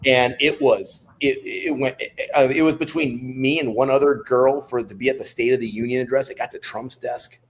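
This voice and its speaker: A middle-aged man, a podcast guest, telling stories in a lively, joking way with many restarts. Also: medium pitch, moderate pace, hardly any pauses, slight background noise. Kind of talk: casual storytelling.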